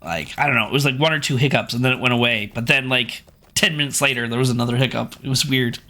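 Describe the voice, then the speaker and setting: Brief: male game streamer, bright and forward voice, loose and chatty, keyboard clicks nearby. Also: mid-range voice, quick pace. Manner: chatty, rambling, laughs easily. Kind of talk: casual gameplay commentary.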